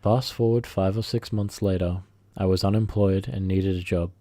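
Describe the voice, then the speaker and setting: A man's voice: sits low, fairly even intonation, mellow, dry recording. A man reading a first-person revenge story aloud, often stumbling and correcting himself mid-sentence. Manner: halting, self-correcting reading. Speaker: story narrator.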